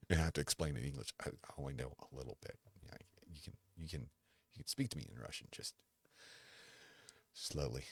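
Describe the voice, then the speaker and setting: This solo podcast host has an extremely low, gravelly, slightly rough voice, recorded with no room sound. His casual talk wanders, cuts itself off, and carries dry humor.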